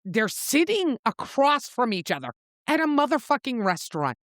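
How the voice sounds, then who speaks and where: A woman co-hosting a book podcast, recapping the plot in a casual, animated way, swearing and acting out the characters' lines. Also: moderate pace, no room sound, clean studio sound. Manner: animated storyteller, swears freely, acts out quotes with pitch jumps. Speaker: podcast co-host.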